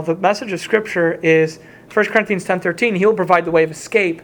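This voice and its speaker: A man's voice: high voice, steady tone, fairly quick, a bit bright. Man, preacher, sermon, earnest, repeats points, quotes scripture. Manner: earnest, repetitive, quoting scripture with rising intensity.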